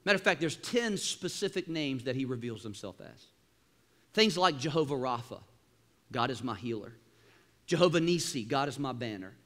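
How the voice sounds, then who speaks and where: A man preaching a sermon in a church, animated, with sudden loud bursts and quieter asides. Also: medium pitch, normal speed. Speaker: pastor. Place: church auditorium.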